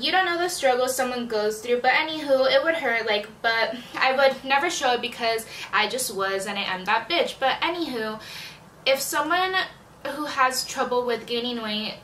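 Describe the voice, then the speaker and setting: A woman's voice: fairly high pitch, a bit bright, far from the mic, slight background noise. A young woman vlogging in a frank, chatty way, swearing and filling her talk with "like", recorded in an echoey room a bit away from the mic. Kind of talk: casual confessional chat.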